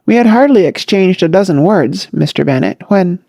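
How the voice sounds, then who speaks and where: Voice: medium pitch, lively intonation, normal speed, gravelly, darkish tone, no room sound, clean studio sound. A narrator voicing a modest, earnest young man who speaks hesitantly.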